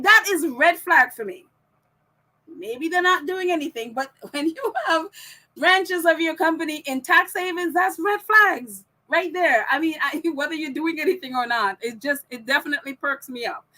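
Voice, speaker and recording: Woman podcaster with a high bright voice, ranting and laughing her way through viewer comments. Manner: ranting, laughs often between phrases. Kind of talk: casual opinion chat.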